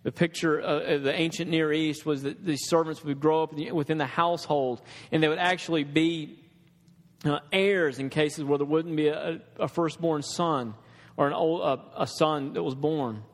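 A man's voice: a little high, fairly even intonation, moderate pace, in a large hall. A man preaching a sermon in an earnest, conversational way, with restarts and asides to the congregation.

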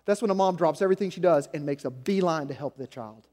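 A man preaching a sermon as senior pastor, swinging between loud emphasis and hushed, low passages. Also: fast talker. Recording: long hall reverb.

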